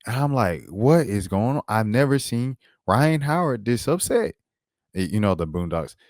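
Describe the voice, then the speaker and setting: A man giving a casual basketball recap on his vlog, animated and slangy, talking while he pulls up clips. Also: medium pitch, moderate pace, no echo, studio quality. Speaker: basketball commentator and vlogger.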